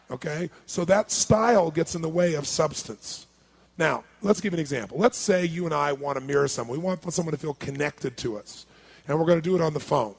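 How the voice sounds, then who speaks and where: Gravelly, husky male seminar speaker. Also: fairly high pitch. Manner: energetic, questions the audience. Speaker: motivational speaker. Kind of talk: seminar talk to a live audience.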